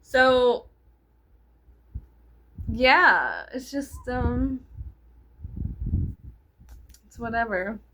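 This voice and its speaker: A woman's voice: fairly high pitch, animated, drawn-out words, long pauses, bright, forceful tone. A woman in her thirties rambling casually to camera in a vlog. She mocks herself, swears freely, giggles and drops into whispers. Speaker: vlogger. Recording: noisy home recording with clicks.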